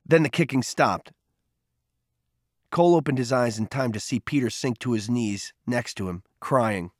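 A man narrating a novel in a measured storytelling voice. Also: medium pitch, a little mellow, no room sound, studio quality. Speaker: audiobook narrator. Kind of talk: scripted narration.

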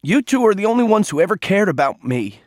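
A man's voice: a little high, animated, normal speed, darkish tone, no echo, natural voice. A man voicing a troubled teenage boy whose voice trembles with emotion, heard as a dry audiobook reading. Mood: pleading.

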